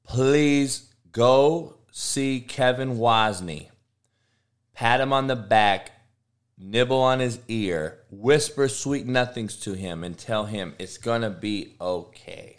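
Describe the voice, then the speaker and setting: A man, a football coach on a livestream, answering chat with profane, confrontational rants that swing from low mutters to loud, high tirades. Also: slow. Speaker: football coach streaming live.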